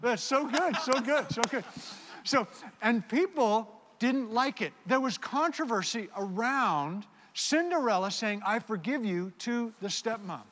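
A man's voice: extremely high pitch, expressive, a little slow, few pauses, a bit bright. A man preaching a sermon, animatedly directing volunteers on stage. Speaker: pastor. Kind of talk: sermon with audience participation skit. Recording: long hall reverb.

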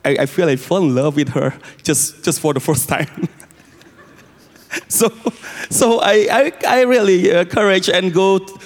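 Halting Cambodian-accented man in a church. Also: high-pitched. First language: Khmer. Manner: hesitant, halting, laughs often. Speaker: guest pastor. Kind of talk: personal testimony. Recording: long hall reverb.

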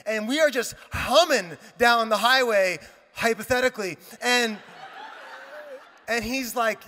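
High, bright-voiced pastor preaching. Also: male voice, moderate pace. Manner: animated storytelling with quoted dialogue and asides. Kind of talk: sermon. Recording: reverberant hall.

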